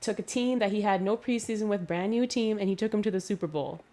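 A woman co-hosting a podcast, chatting casually about politics and sport. She talks in an animated, sweary way and laughs often. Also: mid-range voice, fast talker. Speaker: podcast co-host. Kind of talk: casual chat.

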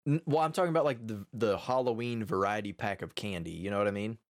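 A man's voice: lowish voice, quick pace. A young man from Texas in casual podcast chat, loose and emphatic, swearing and using slang freely.

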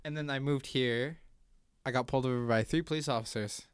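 A young man chatting casually with friends, telling animated, profane stories. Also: medium pitch, brisk, clear, resonant tone, no room sound, studio quality. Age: young adult. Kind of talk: casual chat.

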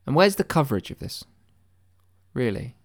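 A man speaks at a moderate pace and medium pitch through a rambling conspiracy monologue played completely straight as satire. Mock-earnest in tone, he keeps stumbling into restarts and cursing.

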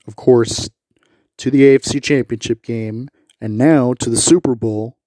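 Male podcast host, solo sports talk, unhurried and emphatic, repetitive, dry close-mic sound. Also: medium pitch, dark tone, no room sound. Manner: repetitive, emphatic, many "you know" fillers.

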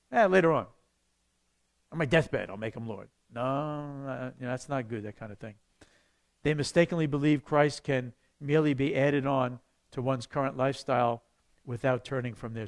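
A man, a pastor, teaching a church evangelism class in a conversational, animated way, acting out the voices he quotes. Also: medium pitch.

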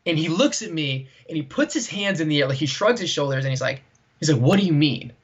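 Male co-host, husky voice, rambling anecdote style with many fillers, lo-fi dull recording. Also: on the high side, expressive, fast. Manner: rambling, heavy use of "like" and "right?". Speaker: podcast co-host. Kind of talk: casual storytelling chat. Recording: dull lo-fi sound.

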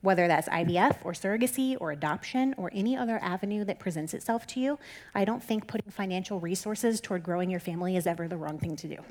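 A woman's voice: fairly low pitch, fast talker, darkish tone. Candid, conversational woman teaching the Bible. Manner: conversational and candid, with frequent "like" fillers; encouraging and reassuring.

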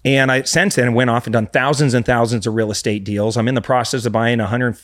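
A man's voice: mid-range voice, fairly even intonation, fairly quick. Earnest man, podcast guest. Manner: earnest, restarts often. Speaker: podcast guest, real estate investor. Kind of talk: casual podcast conversation.

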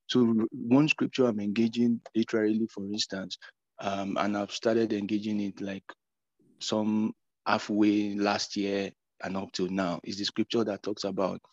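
Halting man on a muffled call. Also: fairly low pitch, little pitch movement, no echo. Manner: halting, repeats words, earnest. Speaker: participant. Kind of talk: casual faith sharing. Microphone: video call.

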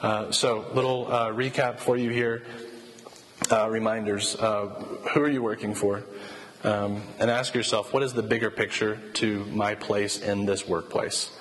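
A man's voice: lowish voice, a little slow. Conversational man preaching in a hall. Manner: conversational, animated retelling of quoted dialogue. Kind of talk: sermon with storytelling. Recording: reverberant hall with faint ambient noise.

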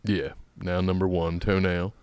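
A man's voice: low voice, flat delivery, a little slow, darkish tone, clean tone, no room sound. A man co-hosting a podcast, chatting casually and chuckling as he comes up with rhyming words for a word game. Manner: chuckly, rhymes his answers. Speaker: podcast co-host. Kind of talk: casual chat.

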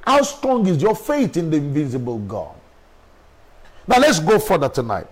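A man's voice: a little high, very animated, normal speed, slightly rough, rough recording. A middle-aged man delivering a sermon as a preacher, emphatic and full of rhetorical questions.

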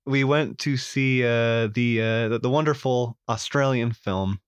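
A man's voice: mid-range voice, measured pace, smooth, no echo. A young man co-hosting a podcast in casual chat, telling stories earnestly with dry humor. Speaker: podcast co-host.

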